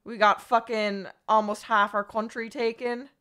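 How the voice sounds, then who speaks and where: A woman's voice: fairly high pitch, little pitch movement, a little slow, fairly bright tone, smooth. A young Irish woman streaming live, chatting bluntly to her viewers and swearing constantly. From Ireland. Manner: blunt, heavy swearing, rambling asides to chat. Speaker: livestreamer. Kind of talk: casual livestream chat.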